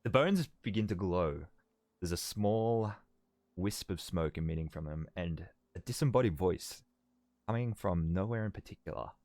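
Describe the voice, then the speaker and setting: A man running a tabletop game as game master, narrating in a halting way with many fillers. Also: deep voice, animated, a little mellow, no echo.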